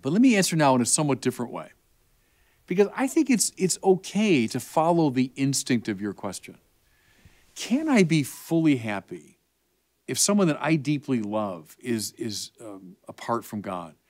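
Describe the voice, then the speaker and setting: A man's voice: mid-range voice, moderate pace. A man with a Chicago accent, a bishop explaining faith to children in an emphatic, conversational way. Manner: animated and emphatic, with rising bursts. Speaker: bishop answering children's questions.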